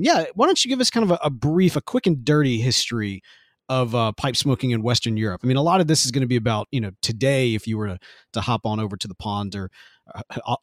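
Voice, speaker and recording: A man's voice: medium pitch, dry recording, studio quality. A man hosting a podcast in casual chat, joking with many fillers and restarts. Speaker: podcast host.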